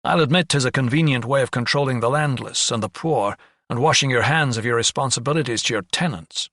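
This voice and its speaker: A man's voice: medium pitch, fairly quick, fairly bright tone, no echo, studio quality. A man voicing a young, earnest doctor who speaks with indignation. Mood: indignant.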